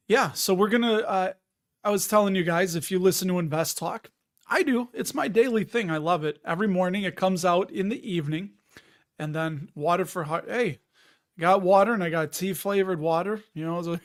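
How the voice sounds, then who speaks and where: A man hosting a casual livestream, chatty and jokey, who wanders off topic. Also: high-pitched. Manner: rambling, jokey, loses his train of thought. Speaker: livestream host.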